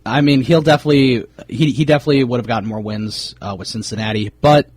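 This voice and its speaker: A man's voice: medium pitch, fast, slight background noise. A man co-hosting a sports podcast, chatting casually with many fillers as he runs through player news. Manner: relaxed, many fillers, reads off player signings. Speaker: podcast co-host.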